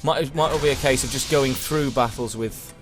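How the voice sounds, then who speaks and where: A man's voice: on the high side, little pitch movement, a little fast, music in the background. A man giving chatty, self-deprecating commentary while streaming a game and answering chat. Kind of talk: casual gameplay commentary.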